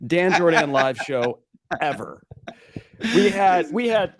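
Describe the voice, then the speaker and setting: Slow, dry-voiced male co-host. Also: a little high, expressive, dry recording. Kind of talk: casual live show banter. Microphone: video call.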